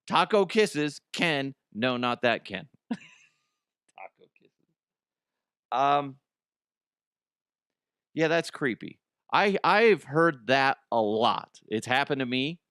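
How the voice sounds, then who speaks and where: Male comedy podcast host, unhurried delivery, dry close sound, laughs and swears a lot. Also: mid-range voice, clean tone, dry recording. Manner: excitable, laughs often, swears freely. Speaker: podcast host reading listener stories. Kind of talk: comic commentary on listener stories.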